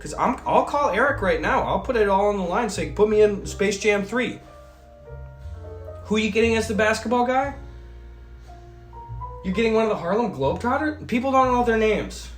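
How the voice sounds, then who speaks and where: A man's voice: high-pitched, lively intonation, a little fast, soft background music. Rambling chatty man, echoey room. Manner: rambling, swearing, jokey asides. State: a bit sick. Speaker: streamer reading chat. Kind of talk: casual livestream chat.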